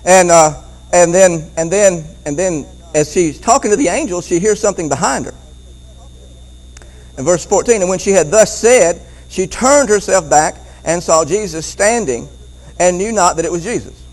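A man preaching a Bible-teaching sermon, animated, often repeating words and chuckling as he goes. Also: high-pitched, moderate pace, low-quality recording.

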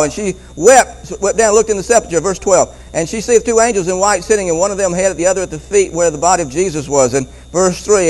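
A man preaching a Bible-teaching sermon, animated, often repeating words and chuckling as he goes. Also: high-pitched, fairly quick, few pauses, low-quality recording.

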